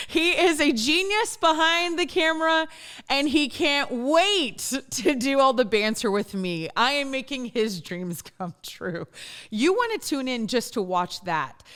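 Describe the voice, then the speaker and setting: A woman's voice: high voice, expressive, slow pace, a bit bright. A woman from northern Louisiana with a Louisiana accent hosts her own show in a studio. She talks in a chatty, self-deprecating way and laughs often. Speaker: podcast host. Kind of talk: casual monologue.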